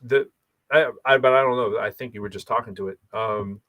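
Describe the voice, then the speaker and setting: A man co-hosting a podcast, talking in an animated, emphatic way and repeating phrases for effect. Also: mid-range voice, brisk, no room sound. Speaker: podcast co-host. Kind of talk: casual chat.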